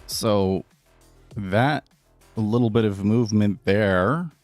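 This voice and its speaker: A man's voice: fairly low pitch, takes it slowly, a little mellow, dry recording, soft background music. A man casually chatting and rambling through a live day-trading stream, laughing often.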